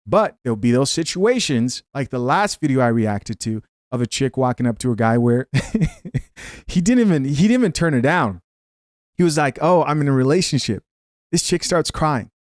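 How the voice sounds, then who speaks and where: A man's voice: mid-range voice, big pitch swings, moderate pace, no room sound, clean studio sound. A man hosting a reaction video, giving opinionated casual commentary and reading viewer comments aloud.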